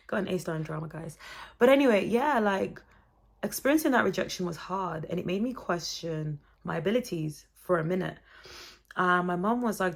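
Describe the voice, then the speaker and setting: A young woman in her twenties talking to camera in a chatty, expressive vlog with motivational, faith-based encouragement. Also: on the low side, normal speed, creaky. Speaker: vlogger.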